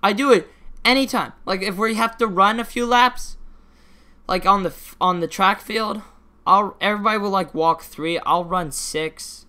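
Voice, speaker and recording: Teen boy, solo podcast host, bright voice, rambling casual chatter with restarts and offhand swearing. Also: sits high, normal speed, clear, resonant tone. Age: teens.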